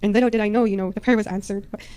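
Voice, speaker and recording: A woman rushes through a personal faith testimony in a mellow, fairly monotone voice. She sounds hesitant and keeps filling gaps with "you know" and "um". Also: medium pitch, clear, resonant tone. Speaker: mother giving a testimony.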